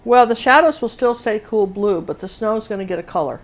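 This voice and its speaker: A woman's voice: medium pitch, a little fast. An older woman teaching a live acrylic painting lesson, chatting as she works and often restarting her sentences. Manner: chatty, talks while working, restarts often. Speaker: painting instructor.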